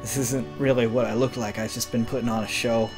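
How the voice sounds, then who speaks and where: A man hosting a casual fan mail video, rambling and self-deprecating, trailing off quietly at times. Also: medium pitch, level tone, a little fast, over music. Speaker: channel host. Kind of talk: casual fanmail reading.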